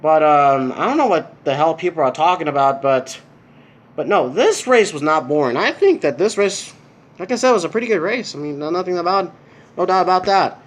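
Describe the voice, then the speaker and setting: A man's voice: a little high, animated, a little fast. Rambling young American man. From United States. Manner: rambling, lots of fillers and restarts. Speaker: vlogger. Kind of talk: casual race review. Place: indoor room with a TV.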